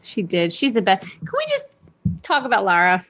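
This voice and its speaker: A woman guest on a chat show, telling family stories in a lively way and laughing often, a little tipsy. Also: medium pitch, normal speed, breathy edge. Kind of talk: casual chat, storytelling.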